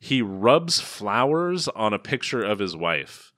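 Sarcastic laughing man, lively and bright. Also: lowish voice, slow pace, no echo, studio quality. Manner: sarcastic, laughs often, trails off quietly. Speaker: podcast co-host. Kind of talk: casual film-review chat.

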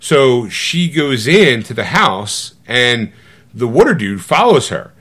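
A middle-aged man co-hosting a podcast, retelling a movie in casual chat with animated, swearing storytelling that acts out other people's lines. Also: medium pitch, takes it slowly. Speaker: podcast co-host.

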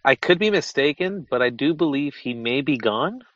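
A man's voice: medium pitch, animated, moderate pace, a bit bright, slight background noise. A man co-hosting a casual podcast chat, talking tentatively and hedging his points. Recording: slightly dull lo-fi sound.

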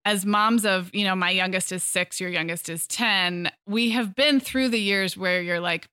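A woman's voice: medium pitch, moderate pace, sharp tone, clean tone, no echo, studio quality. A woman co-hosting a parenting podcast, chatting casually in an upbeat way and reading sponsor spots. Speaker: podcast co-host. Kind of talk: casual podcast chat with read ads.

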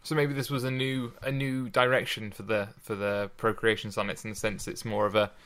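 A man hosting a podcast, talking over a poem in a thoughtful, halting way, with frequent restarts. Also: fairly low pitch, flat delivery, fairly bright tone. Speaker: podcast host. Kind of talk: casual discussion.

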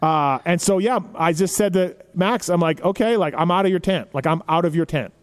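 A man hosting a podcast, telling stories in a casual, animated way with lots of filler phrases. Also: sits high, a little fast. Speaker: podcast host.

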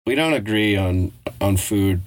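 A man's voice: on the low side, expressive, measured pace, slight background noise. A middle-aged man co-hosting a podcast in casual chat, blunt and profane, laughing often. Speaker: podcast co-host.

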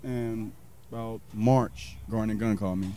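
Man from South Carolina, a pitmaster in a relaxed interview, warm dark tone and a low voice, rambling a bit. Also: normal speed, slight background noise. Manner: rambling, many fillers, acts out quoted people. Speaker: pitmaster and restaurant owner. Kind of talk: casual interview storytelling.

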